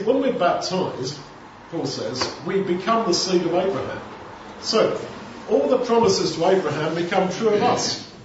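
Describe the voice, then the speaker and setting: A male preacher walks through a scripture passage in a conversational way, full of rhetorical questions and quick acted-out scenes. His voice sits a little high and comes from a distance. The recording is dull and noisy, with a big echoing room. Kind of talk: expository sermon.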